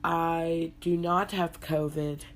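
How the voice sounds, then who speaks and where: A young woman hosting a casual solo podcast, congested and hoarse from being sick, talking in a low-energy, laid-back way. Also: flat delivery, slow pace, a little hiss or hum. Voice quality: hoarse, husky from illness. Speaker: podcast host.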